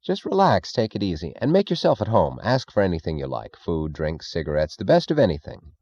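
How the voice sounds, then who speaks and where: A man's voice: low-pitched, huge pitch swings, a little fast, darkish tone, lo-fi sound, full character voice. A man reading an audiobook, voicing a nervous, evasive male government leader who pleads and fidgets. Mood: flustered. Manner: pleading, fidgety, falsely casual.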